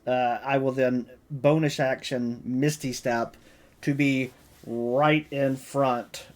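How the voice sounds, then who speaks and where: Dude playing dnd, slow and kinda unsure, lots of ums. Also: male voice, medium pitch, fairly even intonation. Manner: hesitant, with many fillers. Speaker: player. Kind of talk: casual tabletop game play.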